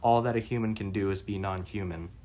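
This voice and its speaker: A man reading interview passages aloud and commenting on them, halting with frequent restarts and fillers. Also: lowish voice, steady tone, warm tone. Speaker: reader and commentator.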